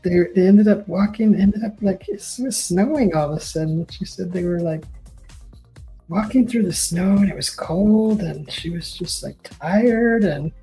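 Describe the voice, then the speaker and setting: A woman hosting a painting session, casually retelling a story in a halting way, with many restarts and fillers. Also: mid-range voice, mellow, faint music behind, poor audio. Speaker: painting host.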